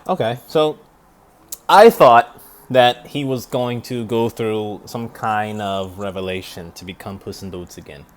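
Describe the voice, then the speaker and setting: Low-voiced man reacting casually to a film. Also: unhurried. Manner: rambling, thinks aloud with restarts.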